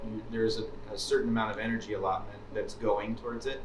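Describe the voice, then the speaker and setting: Frank, halting man in an echoey room. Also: on the low side, little pitch movement. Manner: frank, halting, many restarts. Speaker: autistic panel participant. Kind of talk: candid group discussion. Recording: echoey room, mic far off, faint noise.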